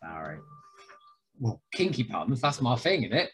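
A man co-hosting a podcast, enthusiastic and jokey, often pausing to find words. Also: mid-range voice, sing-song, fairly bright tone, a little hiss or hum. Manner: enthusiastic, jokey, hesitant with fillers. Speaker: podcast co-host. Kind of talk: casual podcast chat.

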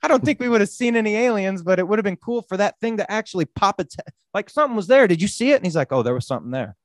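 A man hosting a podcast, telling a story with lots of swearing and loud acted-out quotes. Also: sits high, very fast, dry recording. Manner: animated, swearing, acts out quotes loudly. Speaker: podcast host. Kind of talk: casual storytelling.

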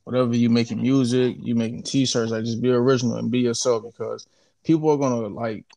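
A man's voice: mid-range voice, steady tone, a little fast, gravelly, dark tone. A man chatting casually on a podcast in a laid-back way, laughing easily. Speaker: podcast co-host.

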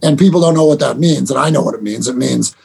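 A middle-aged man, a basketball head coach, telling animated stories with laughter and quick restarts in a casual interview. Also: medium pitch, vocal fry, slightly rough. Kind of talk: storytelling guest in a casual interview.

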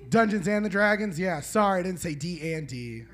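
A man's voice: high-pitched, lively intonation, fairly quick, a bit bright. A man doing a live stand-up set in a small venue, rambling and swearing as he banters with the audience. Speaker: stand-up comedian.

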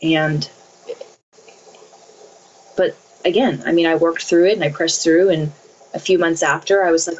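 A woman's voice: low voice, steady tone, measured pace, pauses often, dull audio, slight background noise. A woman in her thirties answering interview questions earnestly, repeating phrases as she speaks about faith and family. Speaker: interview guest.

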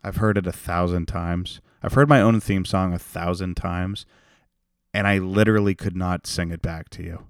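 A young man hosting a solo comedy podcast, ranting in an unhinged way that swings from creepy whispers to loud outbursts. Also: low voice, steady tone, normal speed, clear, resonant tone, no room sound, clean studio sound. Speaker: podcast host.

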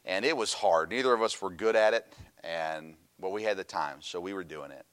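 A middle-aged man preaches a sermon in a low, clean-toned voice at a brisk pace. He's animated, telling stories with a laugh and swinging between loud emphasis and quiet asides.

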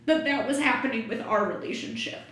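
A woman's voice: on the high side, fairly quick, fairly bright tone. A woman in her thirties, a podcast guest telling a personal story frankly, swearing freely and laughing often. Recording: very echoey room, faint noise.

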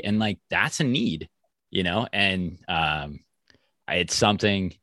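Deep voiced guy on a podcast, stammers a bit, self-conscious, dry close mic. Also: moderate pace, fairly bright tone, no room sound. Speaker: podcast co-host. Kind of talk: casual podcast conversation.

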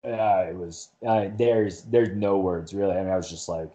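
A man with a low, mellow voice tells his story in a loose, rambling way. He keeps restarting his sentences and filling gaps, like a guest chatting on a podcast. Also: moderate pace, lo-fi sound. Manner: rambling, lots of fillers and restarts. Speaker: podcast guest, marathon runner. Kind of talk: casual conversation.

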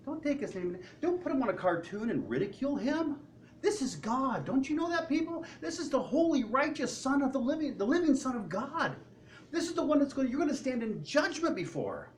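A preacher doing a fiery, brash apostle. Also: male voice, high voice, fast, hardly any pauses, a bit bright, recorded from a distance, a little hiss or hum, voice pushed up. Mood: indignant. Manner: heated, declaiming, raised voice. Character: fiery zealous male apostle, brash and indignant.

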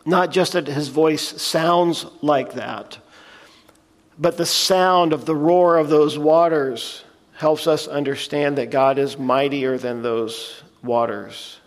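This pastor preaches a sermon, reading scripture earnestly and explaining it in plain terms. His voice is a bit high and his tone steady, and he takes his time. A large hall gives the recording a long reverb.

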